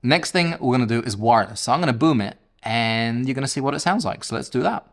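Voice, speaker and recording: A man's voice: medium pitch, expressive, fast. London guy in his 40s chatting about gear, trips over words, laughs at himself. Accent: London English. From England. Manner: chatty, self-mocking, stumbles over words. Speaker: gear reviewer, host. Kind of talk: casual product review. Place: small home studio with some echo. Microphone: camera-mounted shotgun mic about arm's length away.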